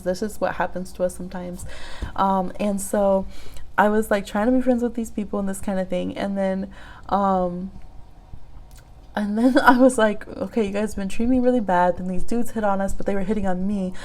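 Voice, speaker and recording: A woman hosting a live-streamed reading, talking casually and animatedly, laughing often and jumping high in pitch as she tells stories. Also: darkish tone. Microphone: phone app live stream.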